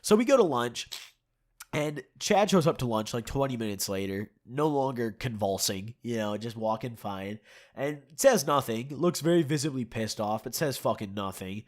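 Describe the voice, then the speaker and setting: A man's voice: mid-range voice, expressive, normal speed, a little mellow. A young man with a stuffed-up nose and sore throat, telling a rambling, profane story to his channel and chuckling often. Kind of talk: casual storytime.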